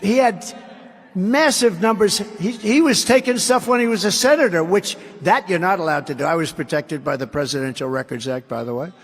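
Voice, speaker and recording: A man's voice: sits high, a little fast, husky. A man giving a campaign rally speech as a political candidate, emphatic and repetitive, with rambling asides. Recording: long hall reverb.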